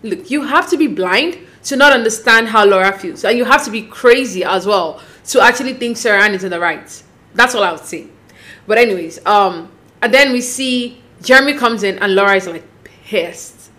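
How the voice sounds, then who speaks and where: A woman casually recapping a reality show, acting out quotes in a chatty, animated way. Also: medium pitch, normal speed. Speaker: recap host.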